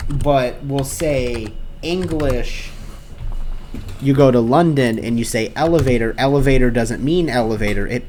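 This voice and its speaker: A man's voice: medium pitch, a little mellow, slight background noise. An American man co-hosting a casual comedy podcast, rambling and hesitant as he thinks aloud. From United States. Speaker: podcast co-host.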